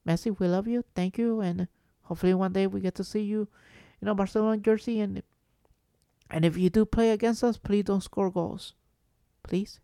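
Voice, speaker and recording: A man's voice: sits high, fairly even intonation, moderate pace, gravelly, mellow, clear, resonant tone, dry recording, studio quality. A man vlogging as a football fan, ranting with passion and exasperation, swearing freely and repeating himself for emphasis. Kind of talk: emotional fan rant to camera.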